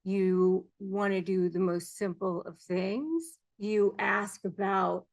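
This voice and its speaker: A woman's voice: mid-range voice, takes it slowly. A middle-aged woman giving earnest advice to camera as a coach, explaining behaviors and mimicking phrases people say. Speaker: narcissism negotiation coach.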